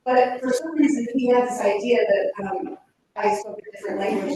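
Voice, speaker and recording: A woman giving an earnest, reminiscing personal eulogy at a funeral, pausing often with fillers as she speaks from a pulpit. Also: fairly high pitch, recorded from a distance, background noise. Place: church chapel. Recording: very echoey chapel, speaker off-mic.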